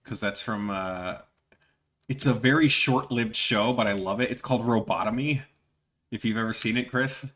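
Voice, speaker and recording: A man's voice: mid-range voice, moderate pace, fairly bright tone. A man chatting casually on a drawing stream, telling funny work stories and laughing often. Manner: laughs often, storytelling, restarts. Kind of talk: casual chat while drawing.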